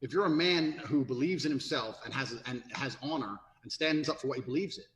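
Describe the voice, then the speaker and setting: This interview guest gives men advice in podcast conversation, speaking bluntly, emphatically and with profanity. His mid-range voice is fairly bright and a little fast, heard in a room with noticeable echo.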